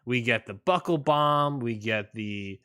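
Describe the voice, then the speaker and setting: Male podcast co-host, bright forward tone, loose rambling recap style. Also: medium pitch, smooth. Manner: rambling, lots of fillers and restarts, quick laughs. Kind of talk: casual wrestling podcast chat.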